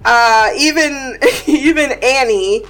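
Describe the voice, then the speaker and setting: Woman, fairly high voice, blunt swearing series commentator, laughs often, faint music behind. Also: slow, fairly bright tone, poor audio. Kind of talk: casual reaction commentary.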